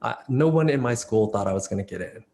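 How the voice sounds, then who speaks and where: A man in his thirties, a dance choreographer appearing as an interview guest, chats casually with lots of fillers and restarts. His mid-range voice is expressive, quick and slightly mellow, with a little background noise.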